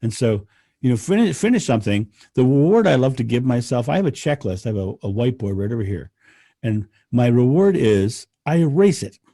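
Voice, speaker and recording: A man, a podcast guest, talking in casual conversation, animated and laughing often as he rants. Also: medium pitch, a little fast, no echo, clean studio sound.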